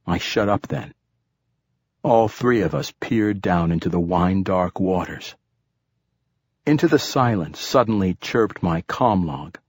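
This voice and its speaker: A man narrating a first-person audiobook in a steady, even storytelling manner. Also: sits low, measured pace, breathy edge, no echo.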